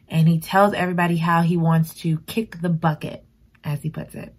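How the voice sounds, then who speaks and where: Book reviewer: a woman with a lowish voice, chatty and emotional, exclaiming as she retells the story. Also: normal speed. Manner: expressive and emotional, exclaiming and talking back to the story. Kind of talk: casual book recap.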